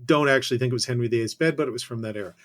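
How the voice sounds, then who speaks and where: A man's voice: medium pitch, rapid-fire, a bit bright. A Canadian man, a podcast guest, telling a casual story full of self-corrections and dry asides.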